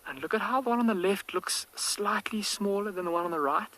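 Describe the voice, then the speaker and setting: A man working as a field guide, giving hushed, excited live wildlife commentary outdoors from a safari vehicle, with the mic close to his face. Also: sits high, fairly quick, poor audio. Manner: hushed, near-whispered, excited.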